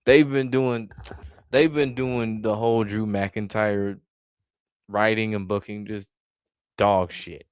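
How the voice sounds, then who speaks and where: Low smooth-voiced man ranting casually. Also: level tone, takes it slowly, no echo, clean studio sound. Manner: exasperated, blunt, heavy swearing. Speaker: wrestling commentary vlogger. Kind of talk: casual profane rant reacting to chat.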